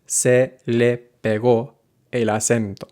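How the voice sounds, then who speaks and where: His voice medium-pitched, level and mellow, a man teaches a language lesson. He breaks grammar down clearly, step by step, easing his pace for example sentences.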